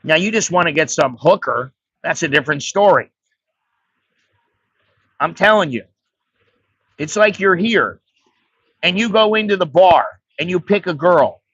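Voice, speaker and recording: A man's voice: a little high, animated, measured pace, long pauses, fairly bright tone, husky, dry recording. An American man telling a rambling, profane story in a blunt, casual way as an expat vlogger. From United States. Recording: dry, slightly dull recording.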